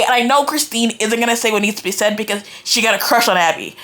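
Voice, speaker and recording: A woman's voice: medium pitch, quick pace, few pauses. Exasperated young woman ranting about a book. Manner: exasperated, animated, lots of "like" and "right?". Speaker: book reviewer. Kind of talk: casual reading-reaction rant.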